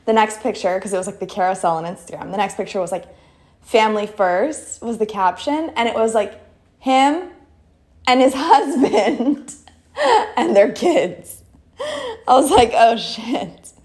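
A woman's voice: a little high, unhurried, no echo, rough recording. A young woman telling a story in a rambling, frank way, full of fillers and swearing, while riding in a moving car. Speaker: vlogger. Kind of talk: casual storytelling rant. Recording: loud car engine noise. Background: car engine hum.

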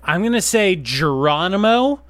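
A man's voice: high-pitched, animated, measured pace, fairly bright tone, no room sound. A man co-hosting a podcast who answers a quiz, joking and swearing casually with lots of fillers. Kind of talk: casual chat.

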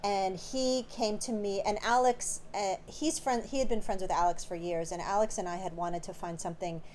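A woman's voice: medium pitch, steady tone, moderate pace, a little mellow, slight background noise. A woman, born in Canada and raised in Los Angeles, answering interview questions about her film in a chatty, rambling way with plenty of fillers. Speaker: filmmaker guest.

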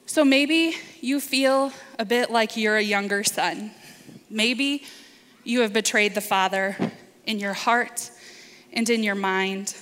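A woman preacher delivering a sermon in earnest, deliberate short phrases. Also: mid-range voice, fairly bright tone. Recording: reverberant hall.

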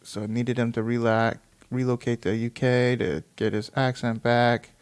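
A man's voice: mid-range voice, flat delivery, moderate pace, clear, resonant tone. A man reading an article aloud and chatting casually about it, rambling and swearing as he reacts. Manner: rambling, profane, reads aloud then reacts.

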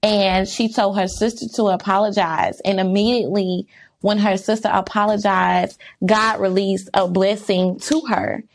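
A woman's voice: mid-range voice, steady tone, moderate pace, creaky. A woman vlogging in casual monologue, emphatic and candid, firing off rhetorical questions. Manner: candid, reflective, faith-centered. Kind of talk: casual talking-to-camera monologue.

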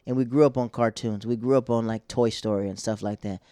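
A stand-up comedian talks in a loose, rambling way, cutting himself off and restarting his thoughts. His pitch sits in the middle of the male range. The sound is dry and close, with no room around it. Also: steady tone, a little fast, warm tone, smooth, no echo. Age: 20s to 30s. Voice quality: rambling, self-interrupting. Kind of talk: casual chat.

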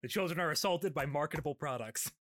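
A fairly high-voiced man hosting a relaxed podcast chat with friends. He laughs often as he talks and hams up quoted lines from the episode in a put-on voice. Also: quick pace. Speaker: podcast host recapping an anime episode. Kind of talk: casual chat.

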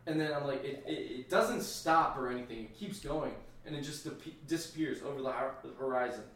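A man's voice: medium pitch, fairly quick, fairly bright tone. Swearing man telling a story in an echoey room. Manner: profane, rambling, acts out his own reactions. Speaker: podcast co-host, Army veteran. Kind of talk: casual storytelling. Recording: echoey room, distant mic.

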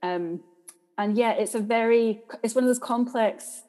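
A Scottish theatre director appears as a podcast guest, her somewhat high, mellow voice moving at a measured pace. She speaks candidly and reflectively, thinking aloud with plenty of ums. The interview was recorded with a long hall reverb.

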